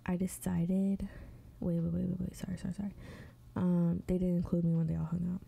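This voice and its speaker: Gravelly, dark-voiced woman ranting bluntly. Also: on the low side, little pitch movement, fairly quick, a little hiss or hum. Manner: blunt, profane running commentary; mumbling under her breath at times. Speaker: advice show host. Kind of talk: casual chat reading stories while doing makeup.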